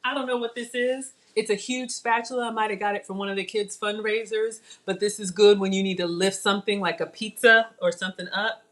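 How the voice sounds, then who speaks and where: A woman's voice: mid-range voice, a little fast, few pauses. Chatty woman hosting a live cooking demo. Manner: chatty, excitable, talks to viewers as y'all. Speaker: cooking show host.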